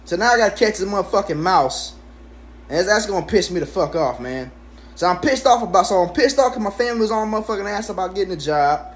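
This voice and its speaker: Man, twenties, high voice, profane, animated storytime rant, sudden high exclamations, at home. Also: fast. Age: 20s. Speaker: vlogger.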